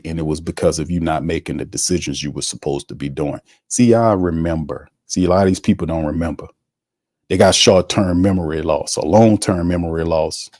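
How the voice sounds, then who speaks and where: Heated low-voiced sports podcast man. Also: mellow, dry recording, clean studio sound. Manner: heated, colloquial, talks to the chat. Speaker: podcast host. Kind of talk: sports talk commentary.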